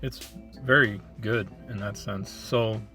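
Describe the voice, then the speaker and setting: A man from Michigan hosting a casual food review, talking in a relaxed, thoughtful way with plenty of ums. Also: on the low side, slow, faint music behind. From Flint, Michigan.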